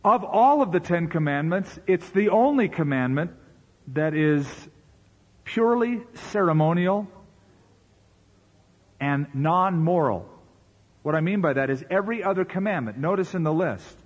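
A man's voice: on the high side, slightly rough, highs cut off. A man preaching a sermon as pastor, talking in a conversational way with rhetorical questions and asides.

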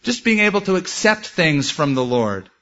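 A pastor with a fairly high, slightly bright, sing-song voice preaches earnestly at a moderate pace. His sermon quotes prayers and scripture, captured on a dull lo-fi recording.

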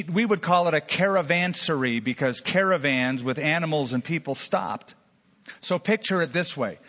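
Brief: male pastor, slightly high voice, storytelling sermon, long hall echo, dull lo-fi sound. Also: fairly bright tone. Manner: storytelling, folksy asides and jokes.

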